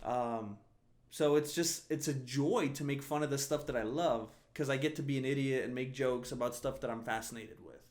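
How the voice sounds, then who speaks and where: A man's voice: mid-range voice, normal speed, darkish tone. A man hosting a casual solo podcast, rambling and often laughing as he restarts his sentences. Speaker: podcast host.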